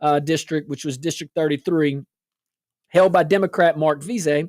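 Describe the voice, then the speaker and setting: A woman's voice: low-pitched, fairly even intonation, normal speed, darkish tone, dry recording, clean studio sound. A woman hosting a political talk show, sarcastic and full of rhetorical questions. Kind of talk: casual political commentary.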